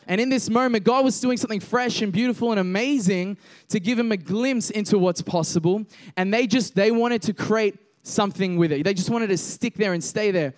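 High-voiced young man preaching casually. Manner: conversational, jokes with congregation, builds to emphatic slow declarations. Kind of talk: casual sermon with scripture reading.

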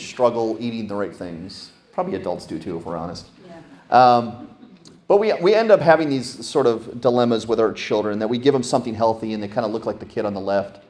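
Middle-aged male pastor, mid-pitched, lively and emphatic in the pulpit. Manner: animated storytelling, voice jumping up for emphasis. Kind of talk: sermon.

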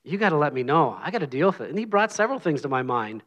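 Lay preacher, middle-aged man, slightly high voice, earnest and humble, conversational sermon delivery. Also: sing-song, quick pace, fairly bright tone, dull audio. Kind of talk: informal sermon with prayer.

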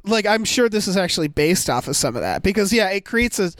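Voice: mid-range voice, sing-song, fast talker, a bit bright, no room sound. Dry, close-sounding film podcast co-host. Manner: rambling, many fillers and restarts. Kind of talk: casual chat reviewing a film.

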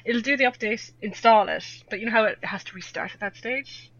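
A young Irish woman chats casually as a guest, laughing often and poking fun at herself. Her voice is a little high, fairly quick and a bit bright, and the recording is dull, lo-fi and dry.

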